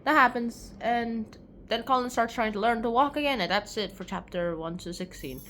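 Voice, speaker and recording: A woman casually summarizing a novel chapter by chapter, rambling and animated and often interrupting herself. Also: a little high, moderate pace, a little hiss or hum. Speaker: video host summarizing a book.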